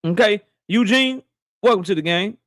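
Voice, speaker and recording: A high-pitched man talks casually into a dry, close mic from his office. He hosts a live stream, cursing freely and greeting viewers one after another. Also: normal speed, dry recording. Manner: loose, profane, shouting out viewers by name. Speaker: boxing live-stream host. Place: home office.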